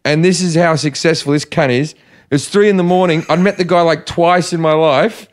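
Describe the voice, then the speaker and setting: A man with a slightly high voice tells a profane story in a casual chat. He speaks in short, punchy bursts. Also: fairly even intonation, moderate pace.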